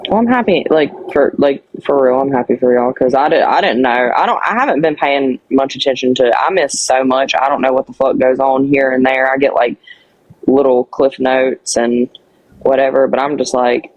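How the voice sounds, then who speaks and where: A woman's voice: very deep voice, normal speed, darkish tone, no room sound, muffled recording. A woman talking casually and earnestly on a live stream, rambling with many fillers. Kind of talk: casual chat.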